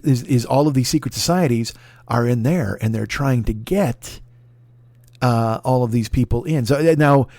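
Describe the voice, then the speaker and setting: Clean studio sound with no echo carries a man's medium-pitched, darkish voice. He's a podcast host in his forties giving a casual, comedic plug, rambling, cursing, and bragging tongue-in-cheek.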